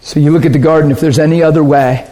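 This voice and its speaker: A man's voice: a little high, fairly even intonation, quick pace, dark tone. A man preaching a sermon in an earnest, conversational way, asking his listeners rhetorical questions.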